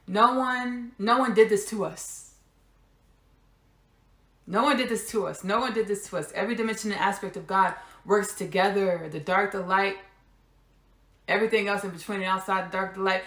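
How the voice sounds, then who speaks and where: A woman's voice: medium pitch, fairly bright tone, roomy sound. A woman hosting a spiritual podcast monologue, repeating key phrases with emphasis and dropping casual asides. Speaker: podcast host.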